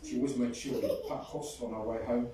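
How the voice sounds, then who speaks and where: A mellow, medium-pitched man with a steady tone talks fairly quickly, sharing fond stories at a funeral and singing a folk song. The recording, made far off in a large echoey hall, has faint noise.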